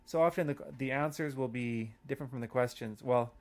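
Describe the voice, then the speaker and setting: Speaking at a medium pitch, a man runs a chatty, loose audio language lesson, using lots of fillers and restarts and slowing down when he spells out example phrases.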